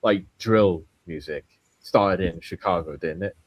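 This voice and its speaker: A man on a podcast panel over a video call, speaking in a measured way and checking in with "right?". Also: deep voice, husky. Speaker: podcast guest. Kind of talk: casual panel chat.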